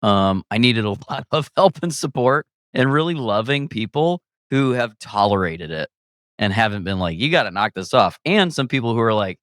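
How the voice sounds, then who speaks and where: A man's voice: medium pitch, moderate pace, smooth, no echo, clean studio sound. A man, a guest comedian, talking candidly in a casual conversation, reflective and rambling, restarting his sentences and laughing often. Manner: reflective and rambling, with frequent restarts and lively self-quotes.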